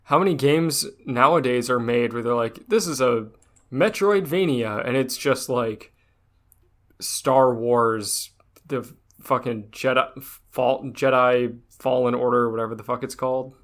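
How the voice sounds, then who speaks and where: A man's voice: mid-range voice, steady tone, a little slow, fairly bright tone. A man co-hosting a podcast in casual chat, talking animatedly, defensively, and swearing casually. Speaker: podcast co-host.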